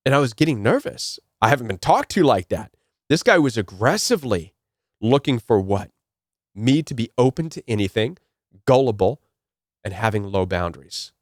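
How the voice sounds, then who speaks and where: A man's voice: medium pitch, big pitch swings, normal speed, no echo, studio quality. A man giving a motivational talk, telling a personal story earnestly and often repeating key phrases. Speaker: self-help speaker.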